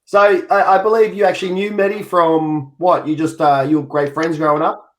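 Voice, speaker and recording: Joking guest cohost, a man with a higher voice, chatty. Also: steady tone, a little fast. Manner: joking interjections. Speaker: guest host. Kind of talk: casual chat.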